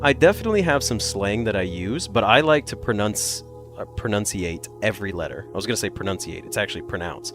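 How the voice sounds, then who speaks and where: A man with an American accent, a little congested, chatting casually with viewers in a rambling, animated way. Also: fairly low pitch, fast, over music. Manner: animated, rambling, swings between loud bursts and mutters. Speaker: streamer.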